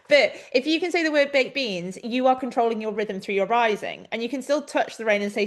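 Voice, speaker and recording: A young adult woman co-hosting a webinar, coaching riders in a chatty, animated way over a video call. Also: on the high side, brisk, hardly any pauses. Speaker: riding coach and webinar co-host. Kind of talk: casual instructional chat.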